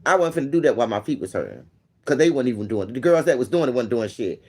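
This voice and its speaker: A man hosting a vlog, casually telling a story to a friend in a profane, animated way and acting out what people said. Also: mid-range voice, rapid-fire, breathy edge. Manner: animated, profane, acts out quoted dialogue. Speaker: vlog host.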